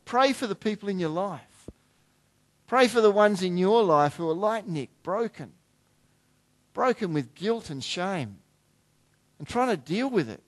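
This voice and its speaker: Aussie pastor guy preaching, middle-aged, kinda high voice, goes quiet then punches stuff up. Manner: conversational preaching, swinging from hushed to emphatic. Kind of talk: sermon.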